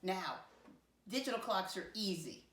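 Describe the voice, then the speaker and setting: A woman's voice: medium pitch, lively intonation, measured pace, a bit bright. A woman teaching a first-grade lesson, encouraging and patient. She calls the children her friends and spells words out letter by letter. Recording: echoey room, voice from a distance.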